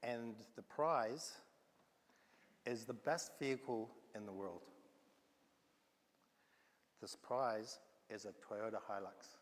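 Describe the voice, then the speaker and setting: A man's voice: lowish voice, fairly even intonation, slow pace, long pauses. A man with a New Zealand accent preaching a sermon, telling a story and acting out its dialogue, with many ums. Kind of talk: sermon with a told allegory. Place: church hall. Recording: long hall reverb from live stream.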